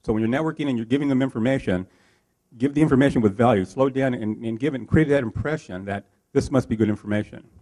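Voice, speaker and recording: A man's voice: medium pitch, quick pace. Man coaching a workshop crowd. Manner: lively, coaching, asks the room questions. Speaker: workshop trainer. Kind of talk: live workshop talk to an audience.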